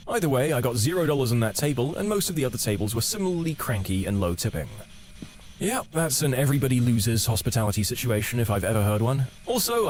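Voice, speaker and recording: Male narrator for online stories, mid-pitched, lively storytelling, acts out the quotes.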